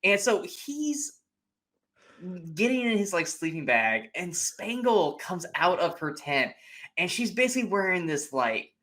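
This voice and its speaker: A young man co-hosts a casual movie podcast, retelling scenes with lively, swooping intonation. His tone is bright and forward, and he slips into quick impressions of the characters as he goes. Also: high voice. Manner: animated retelling, acting out characters' lines. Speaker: podcast co-host. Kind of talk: casual movie recap chat.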